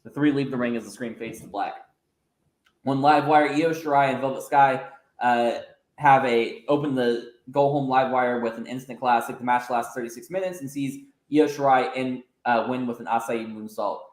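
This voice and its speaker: A man's voice: medium pitch, steady tone, normal speed. Casual man narrating with a roomy echo. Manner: casual, with frequent filler sounds. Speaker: podcast host. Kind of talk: narrating fantasy wrestling storylines.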